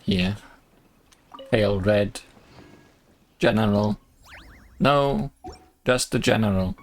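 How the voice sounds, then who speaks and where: A woman commentating on her gameplay with dry, deadpan quips. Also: very deep voice, slow pace. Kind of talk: let's play commentary. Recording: over game music.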